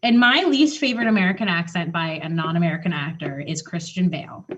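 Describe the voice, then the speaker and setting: A woman co-hosting a casual podcast chat, talking in quick, animated bursts with restarts and the odd swear word. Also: fairly low pitch. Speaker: podcast co-host. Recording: muffled lo-fi audio.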